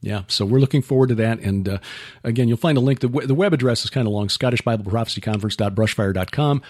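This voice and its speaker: A man's voice: mid-range voice, fast. Easygoing man hosting a podcast. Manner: relaxed, many fillers and restarts, lists events. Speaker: podcast host. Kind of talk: casual chat.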